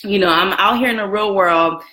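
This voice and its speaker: A woman in her twenties hosting a casual live video chat from a room at home, chatty and lively, greeting viewers by name and laughing often. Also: mid-range voice, moderate pace. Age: 20s. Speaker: livestream host. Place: room at home with a roommate next door. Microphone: camera and phone set up for a live stream.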